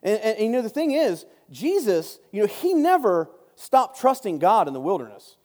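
A man's voice: high-pitched, sing-song, normal speed, dark tone. A man giving a casual Bible study talk, chatty and joking, often breaking off into asides. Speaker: Bible teacher. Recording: long reverb.

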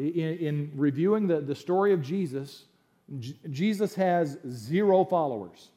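Lively, mellow-voiced male preacher. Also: fairly high pitch. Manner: animated, conversational, opinionated asides. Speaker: pastor. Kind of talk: sermon.

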